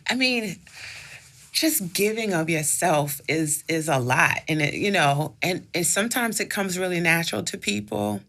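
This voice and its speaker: A woman with a low voice that has a gravelly edge and a bright, forceful tone. She hosts a casual faith-based advice chat. She tells stories reflectively, with frequent "you know" and "like" fillers. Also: expressive, moderate pace. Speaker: advice podcast host.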